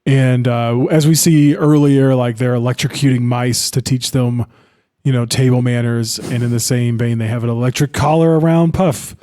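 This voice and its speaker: Young dude on a movie podcast, warm mellow voice, rambles and cusses a lot. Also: male voice, medium pitch, fairly even intonation, moderate pace. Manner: rambling, loose, swears often. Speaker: podcast co-host. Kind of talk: casual film discussion.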